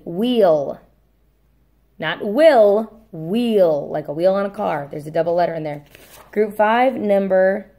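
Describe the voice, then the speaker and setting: A woman teacher dictating a spelling test. She says each word slowly and repeats it, adds brief asides, and apologizes when she corrects herself. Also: mid-range voice, darkish tone.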